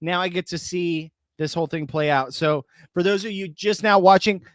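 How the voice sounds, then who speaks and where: A man's voice: high voice, fairly even intonation, moderate pace, no echo. A man casually chatting on a live reaction stream, greeting viewers, laughing often, close to the mic. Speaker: reality show reaction host.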